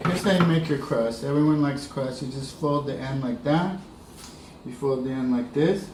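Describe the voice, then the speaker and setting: A man giving a relaxed, chatty cooking demonstration, talking through each step as he works. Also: mid-range voice, moderate pace, echoey room, slight background noise, poor audio. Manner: relaxed, chatty, talks while working. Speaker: cooking instructor.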